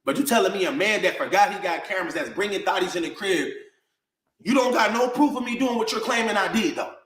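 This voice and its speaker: A man's voice: high voice, quick pace, fairly bright tone, roomy sound, low-quality recording. A man delivering a heated, confrontational rant straight to camera, full of slang. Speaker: online personality.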